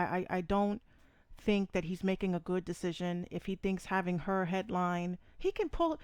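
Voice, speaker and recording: A woman hosting a live podcast who rants bluntly and profanely, driving home each point with repetition and emphasis. Her voice sits at a middle pitch. The recording is dry and close, with no room sound. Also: darkish tone, no echo. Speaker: podcast host. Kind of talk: opinionated live podcast rant.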